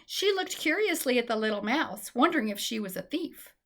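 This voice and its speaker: Woman, children's story narrator, gentle, expressive, slightly high voice. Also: brisk.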